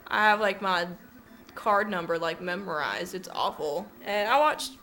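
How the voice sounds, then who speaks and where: A woman's voice: medium pitch, expressive, unhurried, bright, forceful tone, soft background music, poor audio. A young woman at home, casually ranting and rambling to a webcam with lots of fillers, swearing and dramatic asides. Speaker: vlogger. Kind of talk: casual ranting vlog to a friend.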